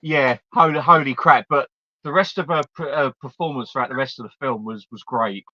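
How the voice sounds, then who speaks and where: A man's voice: medium pitch, brisk, pushed and bright, dry recording. Laughing, swearing man on a stream. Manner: swearing, laughing, mimicking film lines. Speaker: host. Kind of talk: casual chat on a live stream. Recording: dull lo-fi stream audio.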